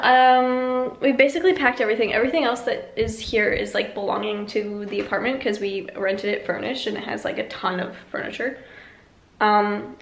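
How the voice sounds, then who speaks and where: A young woman vlogging casually in an emptied apartment, rambling through a story with lots of "like". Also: on the high side. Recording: echoey empty room.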